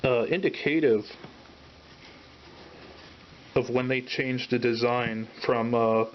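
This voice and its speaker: A man hosting a casual miniature painting tutorial, talking in a relaxed way while he works and sometimes trailing off mid-thought. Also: medium pitch, slow. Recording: dull lo-fi sound with faint hiss.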